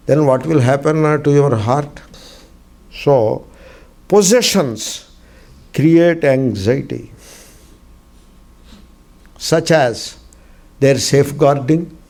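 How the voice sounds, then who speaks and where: Teaching a spiritual discourse class, this swami has a fairly high-pitched, warm voice. His style is emphatic, full of self-posed questions he then answers, with key phrases repeated and a dry sense of humor.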